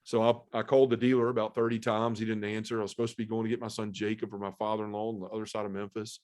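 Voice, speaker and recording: Brief: middle-aged man, earnest and candid, telling his own story as a guest, lowish voice. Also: flat delivery, racing, darkish tone. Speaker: podcast guest. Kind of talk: personal testimony storytelling.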